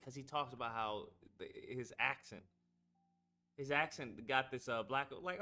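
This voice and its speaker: A man's voice: mid-range voice, unhurried, sharp tone, soft background music. A man hosting a casual live stream, rambling and swearing as he talks to his chat. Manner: rambling and profane, talking to chat. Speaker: streamer host.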